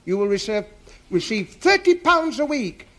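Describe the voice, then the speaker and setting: A man's voice: high-pitched, big pitch swings, normal speed, a bit bright, voice pushed up. A man voicing a pompous middle-aged politician making grand promises in a speech.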